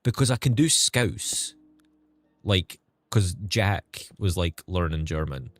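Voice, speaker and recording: A man's voice: low-pitched, expressive, slow, no echo, soft background music. A young man with a toned-down Scottish accent chatting casually on a livestream, thanking viewers and swearing now and then. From Scotland. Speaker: streamer. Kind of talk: casual livestream chat while gaming.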